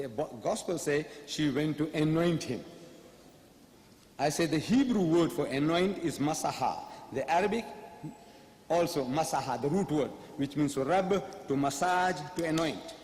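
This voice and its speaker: A man's voice: a little high, normal speed, a little mellow, reverberant, long reverb tail, a little hiss or hum. A man giving a public debate lecture, firing rhetorical questions at the audience with emphasis.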